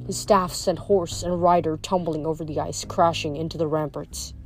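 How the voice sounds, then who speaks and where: A woman reading chapters of a novel aloud, measured, with occasional small stumbles over words. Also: low voice, fairly even intonation, faint music behind. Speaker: audiobook reader.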